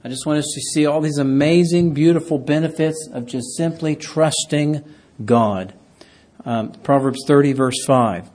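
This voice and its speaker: A pastor preaching a sermon, reading scripture aloud and rising loud on key words. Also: male voice, on the high side, a little slow.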